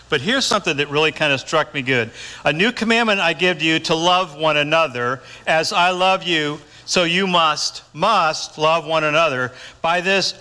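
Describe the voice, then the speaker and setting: Older male pastor with a bright, slightly high voice, folksy and conversational, preaching in a church with long reverb. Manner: folksy, conversational, acts out his own lines. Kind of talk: sermon.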